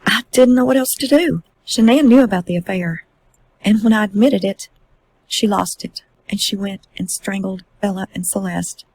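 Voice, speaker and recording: A woman reading aloud voices a young husband making halting, subdued admissions, in a husky mid-range voice. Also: mid-range voice, a little mellow, dry recording, rough recording. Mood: confessing.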